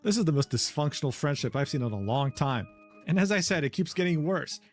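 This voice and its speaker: A man rattles through a drama recap at a quick clip, reading quoted messages aloud and adding sardonic asides. His voice sits a little high, and faint music plays underneath. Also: lively intonation. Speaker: commentary narrator.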